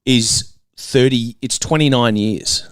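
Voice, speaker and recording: A man's voice: medium pitch, slow pace, clear, resonant tone, no room sound. A man in his twenties with an Australian accent, co-hosting a casual football podcast with dry, teasing banter. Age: 20s. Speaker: podcast co-host. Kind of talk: casual footy chat.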